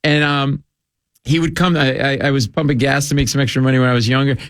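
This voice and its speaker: Middle-aged man from Rhode Island, guest comic spinning loose, rambling stories, mid-pitched voice, dry close sound. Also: quick pace, clean tone, no room sound. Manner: rambling, animated, full of "like" and asides. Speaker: guest comedian. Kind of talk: comic storytelling in casual chat.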